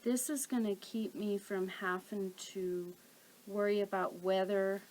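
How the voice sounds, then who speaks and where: Slow, calm woman teaching sewing. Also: medium pitch, slight background noise, rough recording. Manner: calm, methodical, talks while working. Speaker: quilting instructor. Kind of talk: step-by-step sewing tutorial.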